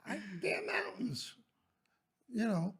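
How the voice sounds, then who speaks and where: An older man, a former teacher, telling animated stories in casual chat and raising his voice when he quotes people. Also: very high-pitched, slow pace, creaky, slightly rough. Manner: animated, raises voice for quoted lines. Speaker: former schoolteacher guest. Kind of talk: casual storytelling.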